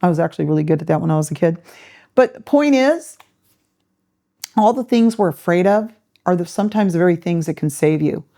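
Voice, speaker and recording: A woman's voice: on the low side, expressive, brisk, warm tone. A middle-aged woman hosting a podcast, telling a story in a casual way, acting out the voices she quotes and laughing often. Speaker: podcast host.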